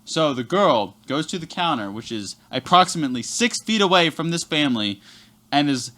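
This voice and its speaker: Fairly high-pitched, pushed and bright, with big swings in pitch at normal speed, this young podcast guest chats casually. His workplace story rambles along, delivered animatedly and loaded with constant swearing.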